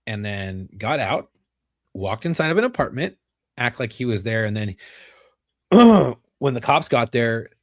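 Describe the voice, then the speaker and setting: A man hosting a podcast who talks about his own police work in a lively, casual way, cursing freely and laughing along. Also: medium pitch, a little slow, no room sound, clean studio sound. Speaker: podcast host, former police officer.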